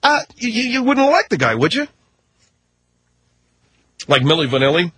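A man delivering a combative talk-radio rant, sarcastic and quick, and jumping high in pitch when he gets heated. His voice is husky and sits close and dry, with no room echo. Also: very animated, sharp tone. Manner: combative, sarcastic, rapid ranting. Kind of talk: ranting talk-radio commentary.

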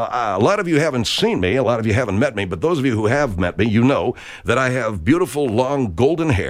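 Hosting a country show, a man from Arkansas speaks in his home accent at a medium pitch, meandering through a funny, folksy story. The monologue is comedic, rambling, and stuffed with filler words.

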